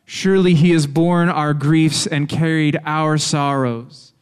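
A man leading a responsive scripture reading in church with a measured, steady manner. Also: on the high side, clear, resonant tone. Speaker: worship leader.

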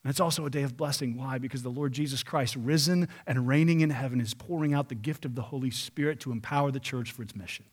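A man preaching a sermon, reading scripture and paraphrasing it in an emphatic, animated way. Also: mid-range voice, fast, hardly any pauses.

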